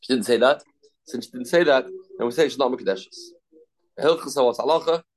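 A man's voice: medium pitch, brisk, slight background noise. A man teaching a daily Talmud class, reading Aramaic lines and then translating and explaining them. He repeats key phrases and asks and answers his own questions.

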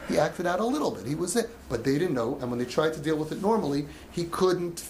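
His voice is on the high side, fast and a bit mellow, with lively intonation, as he passionately coaches parents in an emotional session, voicing parents and kids along the way. The recording has an echoey room, faint ambience and slight background noise.

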